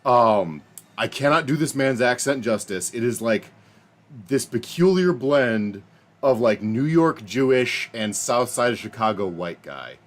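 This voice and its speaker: A man's voice: medium pitch, lively intonation, unhurried. A male guest with a cold, a bit tipsy, rambling through a story with laughs. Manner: rambling, laughing, does impressions. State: tipsy from drinking; has a cold. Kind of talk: casual storytelling.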